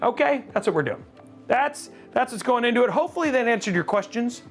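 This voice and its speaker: Male streamer host, lively swinging pitch, mid-range voice, jokey and chatty, faint music behind. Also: fairly quick. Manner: animated, jokey, chatting with viewers. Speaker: host of a live PC-building stream. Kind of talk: casual live-stream chat while building.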